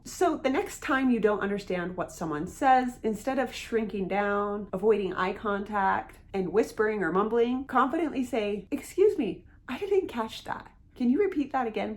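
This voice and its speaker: A woman giving an encouraging instructional talk to camera about asking people to repeat themselves. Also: medium pitch. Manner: earnest, encouraging, acts out sample phrases. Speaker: hearing-loss educator.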